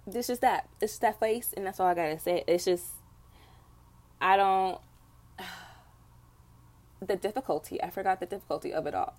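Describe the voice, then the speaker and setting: A woman's voice: fairly low pitch, a little mellow. A young woman hosting her own podcast, venting bluntly with lots of swearing in casual chat. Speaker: podcast host.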